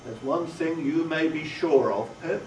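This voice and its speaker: A man voicing a kindly, simple village blacksmith who speaks in a slow, drawling country way. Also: fairly high pitch, darkish tone, a little hiss or hum, lightly acted. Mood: earnest, kindly. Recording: roomy, distant, faint ambience.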